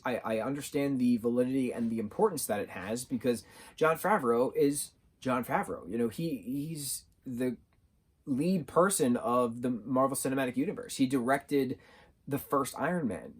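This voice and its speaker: A young man talks straight to camera in an easygoing, rambling way. He reviews a film, stopping often for little fillers and restarts. His pitch sits right in the middle for a man. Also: slightly rough. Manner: chatty, rambling, many fillers. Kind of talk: casual talking-head review.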